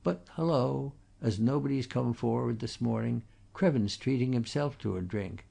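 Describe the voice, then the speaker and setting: A man voicing a chatty, gossipy townsman who confides his low opinion of others in a storybook. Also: moderate pace, gravelly, mellow. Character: gossipy talkative man, sly and jovial.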